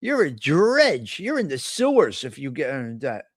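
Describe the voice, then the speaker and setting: A man's voice: medium pitch, huge pitch swings, unhurried, dry recording, studio quality. A man hosting a casual live stream, talking bluntly with a lot of profane trash talk. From Italian American. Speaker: host.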